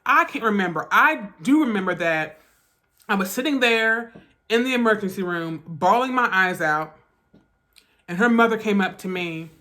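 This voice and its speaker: Woman vlogger, bright voice, halting and emotional storytime delivery. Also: mid-range voice, expressive. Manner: emotional, halting retelling with restarts. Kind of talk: storytime vlog.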